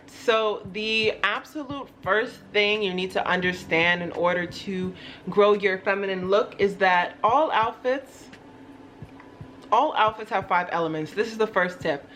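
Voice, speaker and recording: A woman's voice: mid-range voice, unhurried, fairly bright tone, slight background noise. A young woman hosting her own channel, talking in a chatty, rambling, self-deprecating way. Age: young adult. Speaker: YouTube host. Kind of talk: casual vlog chat.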